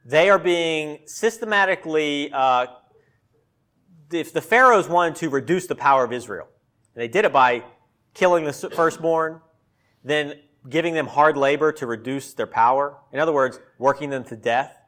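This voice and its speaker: Man, pastor, sermon, conversational, a bit high-pitched. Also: normal speed, fairly bright tone. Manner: conversational preaching, dramatizes quotes with sarcasm.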